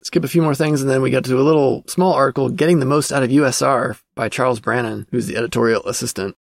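A man's voice: mid-range voice, steady tone, quick pace, gravelly, no echo, clean studio sound. A man hosting a casual podcast, reading through an old magazine and commenting as he thinks aloud, with plenty of fillers. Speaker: podcast host.

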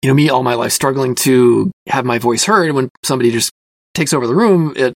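A man hosting a casual talk show, thinking aloud with many fillers and careful hedges, a self-described quiet person. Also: mid-range voice, fairly quick, gravelly, dry recording. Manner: thoughtful, hedging, self-reflective with many fillers. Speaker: podcast host reviewing a magazine. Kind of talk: casual spoken commentary.

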